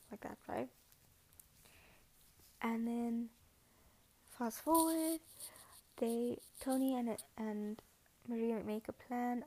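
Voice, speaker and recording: A woman hosts a casual podcast, rambling through a retelling and often correcting herself mid-sentence. Her voice is high-pitched but mellow and warm. She slips into quoted lines as she goes. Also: unhurried, low-quality recording. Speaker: podcast host.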